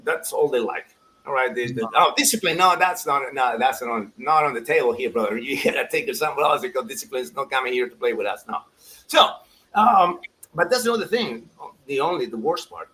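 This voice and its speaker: Animated, laughing man telling soccer stories. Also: mid-range voice, fairly quick, a little hiss or hum, low-quality recording. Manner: animated, laughing storyteller, acts out quotes. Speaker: guest soccer pundit. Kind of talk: casual podcast chat.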